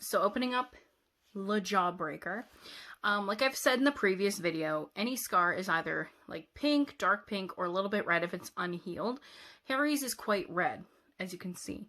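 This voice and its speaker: A woman's voice: medium pitch, sharp tone. A woman chatting casually through a makeup tutorial, rambling a little and teasing herself. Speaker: makeup vlogger.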